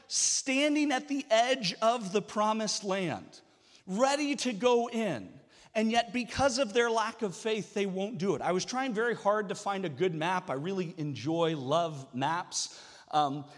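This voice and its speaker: A man in his thirties preaching a sermon, telling the story in a lively way and acting out whiny voices. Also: high-pitched, long reverb tail. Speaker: pastor.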